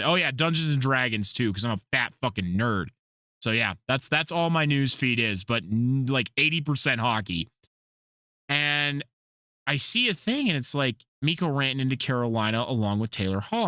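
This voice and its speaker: A man's voice: mid-range voice, sing-song, moderate pace, sharp tone, dry recording, studio quality. A man hosting a casual podcast, telling rambling stories and swearing freely. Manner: profane, rambling storyteller. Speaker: podcast host.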